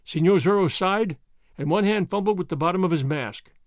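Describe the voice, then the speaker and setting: A man narrating a classic adventure novel as an expressive audiobook host. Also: sits high, fairly quick, no echo, studio quality.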